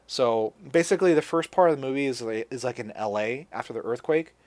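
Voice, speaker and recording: A man hosting a casual podcast, recapping a film in a loose, rambling way. His voice sits at an ordinary middle pitch. He stumbles and restarts often and swears offhandedly as he goes. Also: fairly quick, darkish tone. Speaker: podcast host. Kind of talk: casual chat.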